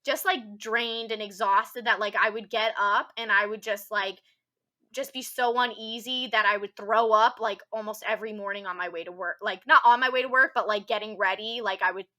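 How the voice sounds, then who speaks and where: A young woman telling a personal story on a podcast, rambling casually with constant "like" fillers and a soft, subdued delivery. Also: medium pitch, fairly even intonation, moderate pace. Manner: rambling, heavy use of "like" filler.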